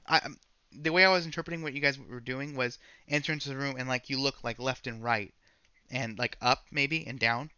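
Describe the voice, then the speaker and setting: A man with a bright, forceful voice runs a tabletop game, rambling through scene descriptions and often correcting himself mid-sentence. The sound is dry and close, though a little dull, as from a modest microphone. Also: medium pitch, steady tone, a little fast, smooth, no echo. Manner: rambling, self-correcting narration. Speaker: game master.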